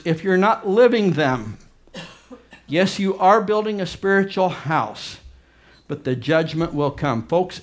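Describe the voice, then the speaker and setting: A man preaching a fervent sermon as pastor, swinging between loud urgent emphasis and quiet low asides.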